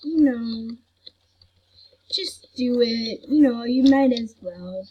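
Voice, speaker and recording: A woman's voice: fairly high pitch, expressive, slow, breathy edge, dull audio. A woman hosting a gaming channel, chatting casually over gameplay and grumbling that she is not mad. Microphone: computer recording mic.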